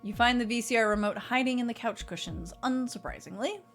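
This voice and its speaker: A woman streamer narrating a horror visual novel in the second person, measured and quiet. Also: a little high, faint music behind.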